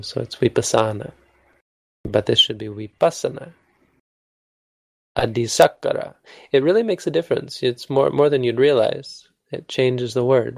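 A man's voice: mid-range voice, gravelly, no room sound. A man teaching a language lesson in a casual, joking way, stopping to correct himself as he goes. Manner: informal, self-correcting, joking.

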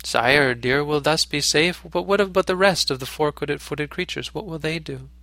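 A man voicing a noble, selfless male deer king in a storybook reading, speaking in a calm, gentle, pleading way. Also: fairly high pitch, moderate pace, dry recording.

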